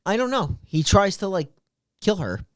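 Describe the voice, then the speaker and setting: A man's voice: sits high, big pitch swings, moderate pace, dry recording, clean studio sound. A man co-hosting a podcast who talks bluntly about a film in casual chat and swears freely. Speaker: podcast co-host. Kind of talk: casual movie review chat.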